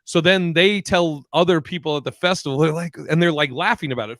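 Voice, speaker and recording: A man's voice: on the high side, brisk, few pauses, fairly bright tone, no room sound, studio quality. A man co-hosting a live podcast, reading chat comments and telling stories in a loose, profane way. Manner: profane, rambling storyteller. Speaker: podcast co-host.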